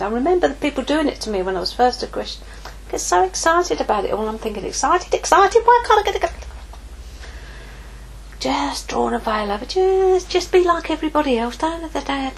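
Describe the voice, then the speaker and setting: A woman preaching a sermon, lively, moving from hushed asides to exclaiming. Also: fairly high pitch, gravelly, a little hiss or hum, poor audio. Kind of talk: sermon teaching.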